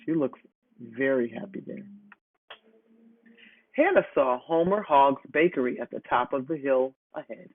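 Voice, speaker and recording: A reader slowly and playfully reading a children's picture book aloud. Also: medium pitch, no echo. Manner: slow, animated, playful. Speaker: storybook reader. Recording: tinny phone-like, dry.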